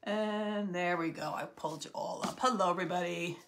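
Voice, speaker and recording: A woman's voice: lowish voice, fairly quick. A middle-aged woman from New Jersey hosting a live crafting stream from her home craft room, chatting and greeting viewers by name. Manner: chatty, warmly greets viewers by name, gasps and laughs often. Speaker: craft livestream host.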